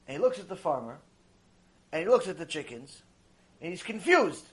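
A man teaching a religious lecture, telling a story in an animated way and repeating phrases for emphasis. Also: on the high side, moderate pace.

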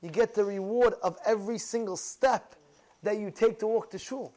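Rabbi, male, very high voice; animated, emphatic preacher who keeps asking his congregation questions, non-native English phrasing. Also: moderate pace, poor audio. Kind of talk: sermon to a congregation.

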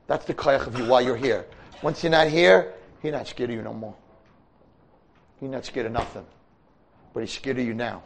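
A man's voice: medium pitch, fairly quick, vocal fry, pauses often, poor audio. A man, a rabbi, giving a sermon to yeshiva boys, acting out the voices of people in his stories. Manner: animated, acts out voices.

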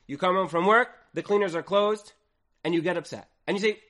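A man giving an animated Torah lesson, telling the story dramatically and acting out quoted speech with swings in loudness. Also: sits high, fairly quick. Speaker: Torah teacher.

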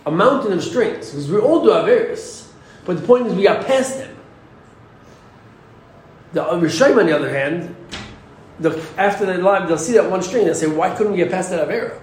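A man's voice: high voice, lively intonation, normal speed, pauses often. A man teaching an informal Torah class in a conversational way, posing rhetorical questions and often restarting his sentences. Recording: roomy echo with faint ambience.

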